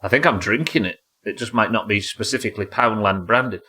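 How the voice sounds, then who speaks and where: A man streaming a game live, commenting excitably and swearing as he plays. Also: lowish voice, brisk, breathy edge. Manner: excitable, sweary, talking to himself.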